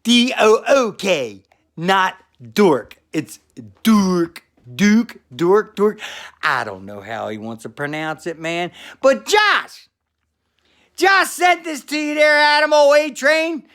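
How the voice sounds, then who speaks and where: A former pro wrestler, a man, giving a loud congratulatory shout-out in a hollering, sing-song manner. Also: high-pitched, lively intonation, slow. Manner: hollering, sing-song, calls everyone brother. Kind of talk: loud congratulatory video message.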